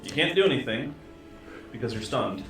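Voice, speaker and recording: A man running a tabletop game as game master in a casual, easygoing way, quick to correct his own slips. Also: medium pitch, lively intonation, heavy reverb, far from the mic, over music.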